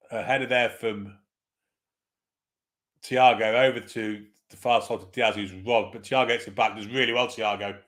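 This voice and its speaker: A man's voice: fairly low pitch, pushed and bright. A man hosting a live football watchalong, giving casual play-by-play, swearing freely and reading out viewer comments. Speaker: host of a football watchalong stream.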